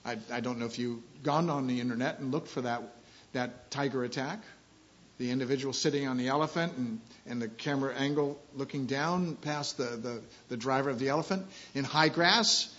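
A man preaching a sermon, repeating key phrases and swinging from quiet asides to loud, emphatic scripture reading. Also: medium pitch, normal speed, muffled recording.

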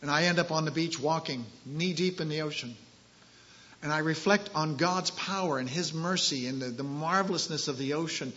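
A man preaching a sermon and reading scripture, emphatic and slowing down on key phrases. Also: fairly high pitch, a bit bright. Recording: dull lo-fi recording.

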